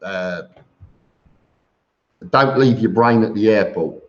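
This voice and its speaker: A man's voice: lowish voice, takes it slowly. A man hosting a casual live stream, greeting viewers by name and answering their questions with chatty, joking asides. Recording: dull lo-fi stream audio.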